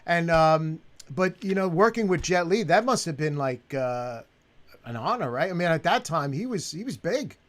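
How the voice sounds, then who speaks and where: A man hosting an interview show, asking questions haltingly with many restarts. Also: on the high side, expressive. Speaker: show host. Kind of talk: interview chat.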